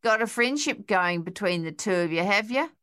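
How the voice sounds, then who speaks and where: A woman voicing a sharp-tongued, spry old woman in an audiobook, with a dry, tart, unhurried manner. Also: mid-range voice, lively intonation, clean tone, lightly acted. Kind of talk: audiobook character voice.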